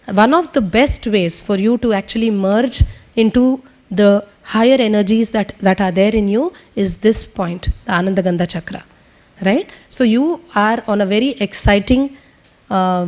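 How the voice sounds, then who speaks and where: A woman teaches a group, her voice sitting a little higher than most. She talks quickly and earnestly, like someone sharing a personal testimony with a full room. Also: a little mellow. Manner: talks fast. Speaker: spiritual teacher. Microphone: speaking to a room with translators.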